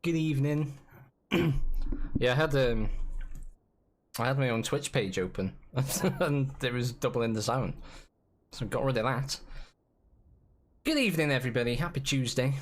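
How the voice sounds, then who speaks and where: A man chatting casually and playfully on a live game stream, rambling and giggling as he goes. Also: mid-range voice.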